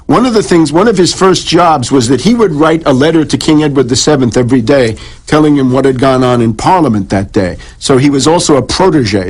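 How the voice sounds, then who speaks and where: A man's voice: a little high, breathy edge. A man speaking as a guest on a radio interview, lecturing at length on history with frequent restarts and repeated words.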